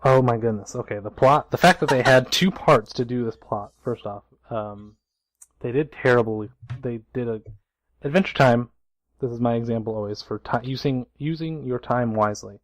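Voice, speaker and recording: A man's voice: mid-range voice, normal speed, dry recording, low-quality recording. Blunt young man on a dry mic. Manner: blunt, argumentative critic. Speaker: podcast co-host. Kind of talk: casual podcast chat.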